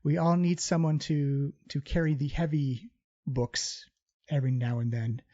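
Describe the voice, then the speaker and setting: A man voicing an ancient, weary ghost librarian woman who speaks softly and courteously, with some hesitation. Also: a little high, steady tone, unhurried, no room sound, highs cut off.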